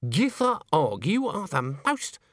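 A man voicing a stern, sharp-tongued old witch woman who snaps commands. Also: a little high, huge pitch swings, slow pace, no room sound, studio quality, voice pushed up, full character voice.

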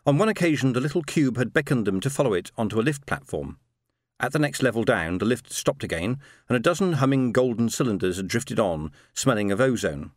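A man narrating a science fiction story in a steady, measured reading. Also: medium pitch, no room sound, clean studio sound. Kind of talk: audiobook narration.

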